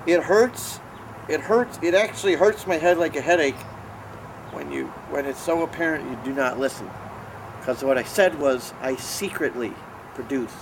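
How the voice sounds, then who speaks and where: A man's voice: fairly high pitch, background noise. A man bragging and scolding in dry, exasperated comedic banter. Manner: boastful, exasperated, deadpan. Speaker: show regular talking with puppets.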